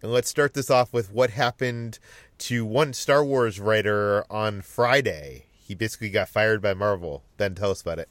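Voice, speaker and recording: A man hosting a casual film news podcast, relaxed and laughing often, with plenty of fillers. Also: lowish voice, moderate pace, no room sound. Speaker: podcast host, editor-in-chief.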